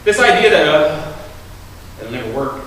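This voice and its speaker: A man preaching a sermon as pastor, conversational and animated, acting out quoted lines. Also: fairly high pitch, moderate pace, a little hiss or hum. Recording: echoey hall, voice from far off.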